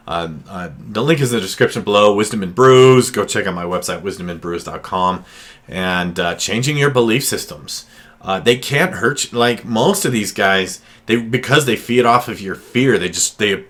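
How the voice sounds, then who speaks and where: A man's voice: on the low side, fairly bright tone. A counselor, a man, giving casual advice on handling difficult people, with many fillers and restarts.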